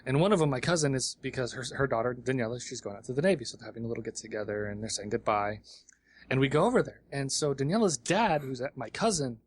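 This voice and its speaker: A man's voice: mid-range voice, fast talker. A man co-hosting a casual podcast, telling rambling family stories and correcting himself as he goes. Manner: rambling, self-correcting storyteller, joking. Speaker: podcast co-host. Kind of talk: casual storytelling chat.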